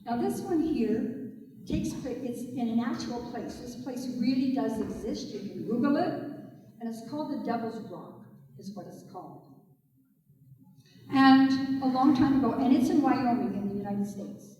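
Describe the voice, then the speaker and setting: A woman storyteller telling tales to schoolchildren, animated and speaking directly to the kids. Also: a little high, measured pace. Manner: animated, addresses the children directly. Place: school hall or stage. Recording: echoey hall from far off.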